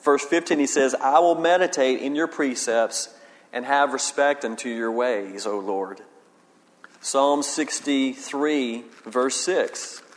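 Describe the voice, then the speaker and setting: A man preaching a sermon as a pastor, reading scripture slowly with emphasis and then explaining it in plain talk. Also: mid-range voice. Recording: long hall reverb.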